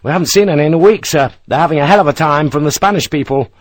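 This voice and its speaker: A man's voice: fairly high pitch, racing, dry recording, voice pushed up, close to an everyday voice. Man doing a weary soldier lieutenant, short sir-answers, dry sound. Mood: terse. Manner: clipped, dutiful, terse replies. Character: young male rifleman officer, blunt, tired soldier.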